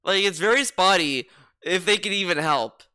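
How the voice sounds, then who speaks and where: Sarcastic, rambling man with a bright voice. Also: high-pitched, moderate pace, smooth, dry recording, clean studio sound. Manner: sarcastic, rambling, repeats himself. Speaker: streamer reacting to a video. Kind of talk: casual reaction commentary.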